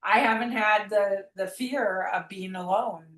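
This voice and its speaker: A woman's voice: mid-range voice, unhurried, fairly bright tone. Earnest, rambling woman in an echoey room. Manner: earnest, rambling, many restarts. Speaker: guest, memoir author. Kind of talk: reflective conversational interview.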